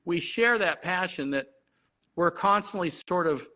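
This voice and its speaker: A middle-aged man with a slightly high, bright, forceful voice tells an animated story. He talks in an excited rush and keeps restarting his sentences. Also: a little slow, poor audio. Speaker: horse breeder guest.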